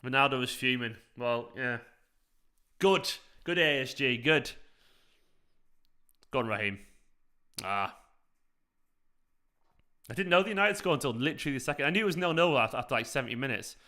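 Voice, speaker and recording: Hosting a fan channel's live football watchalong, this young man reads the chat, greets viewers by name and reacts casually to the action. He sounds animated and brisk, his medium-pitched voice pushed and bright, and he pauses often.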